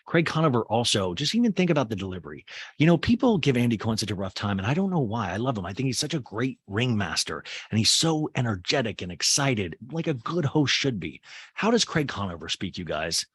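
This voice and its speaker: A man's voice: mid-range voice, sing-song, a little fast, a bit bright, breathy edge. A man hosting a podcast, giving a chatty, sarcastic recap of a TV episode with rambling asides. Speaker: podcast host. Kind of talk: casual recap commentary.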